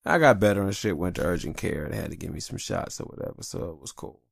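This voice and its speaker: A man's voice: sits low, fast talker, gravelly, a little mellow, slightly rough, no echo, clean studio sound. A tired man hosting a podcast in casual, rambling, profane chat. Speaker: podcast host.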